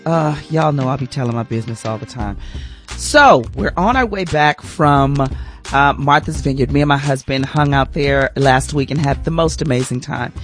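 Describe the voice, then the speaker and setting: A middle-aged woman hosting a radio morning show, telling a personal story with lively, preachy lessons and calling listeners y'all. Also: low-pitched. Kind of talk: casual testimony with sermon-like lessons.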